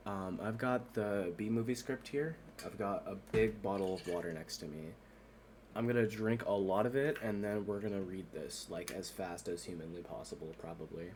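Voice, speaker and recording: A man speedrunning a script read-aloud, rattling through the lines in a rushed, flat delivery. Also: lowish voice, slight background noise. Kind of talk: rapid-fire script reading.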